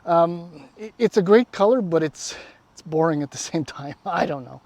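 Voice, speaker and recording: A man's voice: a little high, expressive, moderate pace, a little mellow, no room sound. A man, casually walking around and reviewing a car outdoors, rambling and wry, often trailing off. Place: outdoors beside a parked car.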